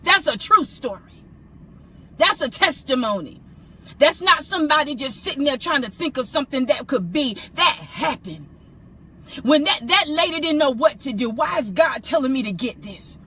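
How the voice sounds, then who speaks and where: A woman's voice: high-pitched, big pitch swings, normal speed, sharp tone. A woman co-hosting an inspirational show, preaching with emphatic call-and-response.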